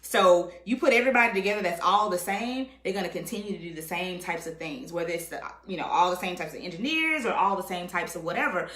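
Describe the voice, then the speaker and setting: Woman guest chatting, kinda low voice, acts out quotes, keeps saying right?, roomy echo. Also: quick pace, hardly any pauses. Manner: animated, acts out quotes, says "right?" often. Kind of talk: casual conversation.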